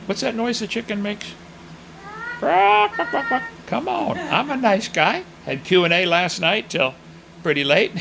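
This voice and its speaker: Gravelly preacher, folksy and mocking. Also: male voice, a little high, fairly bright tone, slight background noise, poor audio. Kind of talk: sermon with Bible reading.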